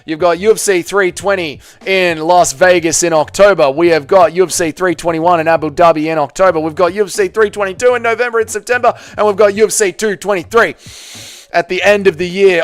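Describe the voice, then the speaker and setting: A man's voice: fairly high pitch, clean tone, no room sound. A man with an Australian accent hosting a casual livestream, reading chat comments aloud and answering with crude banter. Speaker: livestream host.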